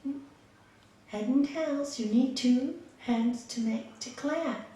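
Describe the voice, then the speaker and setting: A woman yoga teacher giving an expressive spiritual talk, telling a story in a meditation hall. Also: sits high, slow. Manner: expressive, lively, with laughs and hushed asides. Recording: echoey room from a distant mic.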